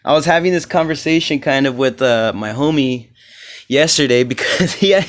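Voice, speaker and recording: A man's voice: medium pitch, moderate pace. A man hosting his own comedy podcast alone, telling stories casually in a loose, profane, rambling way and acting out the voices of the people he quotes. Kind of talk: casual solo podcast chat.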